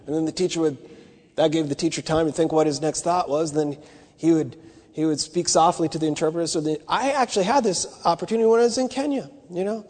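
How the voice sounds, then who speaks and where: Male bible teacher, high voice, chatty delivery full of restarts, long hall reverb. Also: fairly even intonation, quick pace, darkish tone. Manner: conversational, restarts and asides. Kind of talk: teaching sermon.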